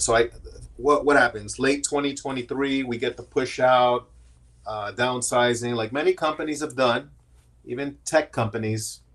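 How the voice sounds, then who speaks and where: A man's voice: mid-range voice, fairly even intonation, moderate pace, a bit bright. Candid middle-aged man telling his story. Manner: candid, storytelling with frequent restarts. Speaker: podcast guest. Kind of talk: casual interview conversation.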